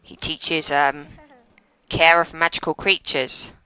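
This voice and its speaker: A woman's voice: sits low, level tone, slow pace, sharp tone, clear, resonant tone, dry recording, rough recording. A young woman giving chatty, sarcastic gameplay commentary and laughing often. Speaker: let's play commentator.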